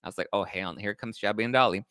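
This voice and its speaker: A young man hosting a casual gossip show, telling stories in a campy, animated way and swearing freely. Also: quick pace, smooth, no echo. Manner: animated, campy, swears freely, acts out quoted people in high voices. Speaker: host.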